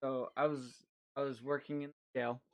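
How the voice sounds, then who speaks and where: A man's voice: mid-range voice, normal speed. A man hosting a casual podcast, telling stories with lots of swearing and acted-out quotes. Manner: animated, heavy swearing, acts out quotes. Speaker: podcast host.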